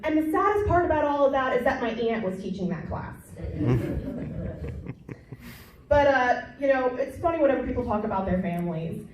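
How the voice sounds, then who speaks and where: A young woman comedian works the crowd with brash, crude, self-mocking jokes in a slightly high voice. She sounds distant from the mic, and the room rings with heavy echo over faint background noise. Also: sing-song, moderate pace, long pauses. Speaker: stand-up comedian. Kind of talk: stand-up comedy set.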